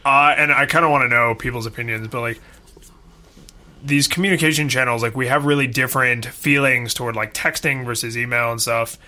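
Young male podcast co-host, bright tone, chatty and loose with fillers. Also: mid-range voice, steady tone. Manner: chatty, filler-heavy, quick asides. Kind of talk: casual chat.

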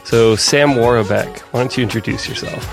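Gravelly-voiced man hosting a podcast. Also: medium pitch, moderate pace, over music. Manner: relaxed, filler-heavy, hedging questions. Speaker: podcast host. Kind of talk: casual interview chat.

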